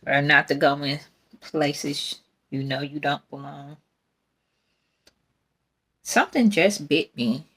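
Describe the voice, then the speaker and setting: A woman's voice: low-pitched, slow, long pauses, fairly bright tone, husky. A young adult woman, hosting a casual faith podcast in a rambling, candid way and laughing often. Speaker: podcast host.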